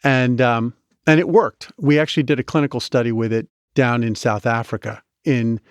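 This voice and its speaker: Male guest, animated storyteller, restarts a lot, mid pitch, dry close mic. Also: normal speed, clean tone, no echo. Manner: animated, chatty, with many restarts. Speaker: guest, medical device inventor. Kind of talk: storytelling in a podcast interview.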